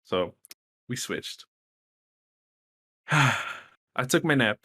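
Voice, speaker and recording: Casting: young man, animated storyteller, casual podcast co-host, cusses freely. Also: mid-range voice, very slow, breathy edge. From Texas. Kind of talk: casual chat.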